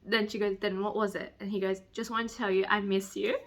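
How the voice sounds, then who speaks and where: A young woman chatting casually in a reading vlog, gushing and excitable, breaking into squeals as she retells a romance novel. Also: mid-range voice, brisk. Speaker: book vlogger. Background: construction voices.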